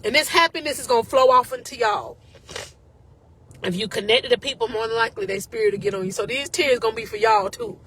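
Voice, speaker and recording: A woman's voice: a little high, animated, fast talker, fairly bright tone, slight background noise. A woman life coach giving an emotional, encouraging faith talk to her viewers, casual and often close to tears.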